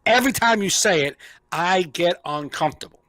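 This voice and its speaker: A man's voice: sits high, lively intonation, fairly quick, a bit bright, dry recording. A man co-hosting a podcast, teasing his partner and laughing often in casual chat. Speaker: podcast co-host.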